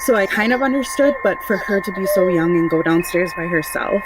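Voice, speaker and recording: A woman's voice: on the low side, animated, fairly quick. Woman recounting an eerie story, noisy recording. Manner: rambling, conversational, many "like"s and restarts. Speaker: mother telling a true paranormal story. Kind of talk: casual spoken recollection.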